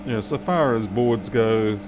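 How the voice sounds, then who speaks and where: A man's voice: fairly low pitch, takes it slowly, noisy background. A man, a repair technician bantering with viewers and muttering to himself while he works on a live stream.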